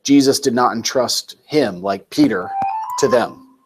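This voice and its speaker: A man's voice: mid-range voice, measured pace, slightly rough. A man tutoring a student one-on-one, explaining points patiently and with emphasis. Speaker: Greek tutor.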